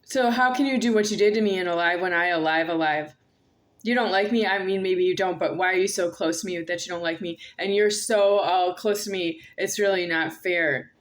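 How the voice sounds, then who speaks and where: A woman's voice: lowish voice, brisk. A woman vlogging alone, rambling and confrontational, repeating herself as she speaks to an unseen "you". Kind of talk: rambling monologue to camera.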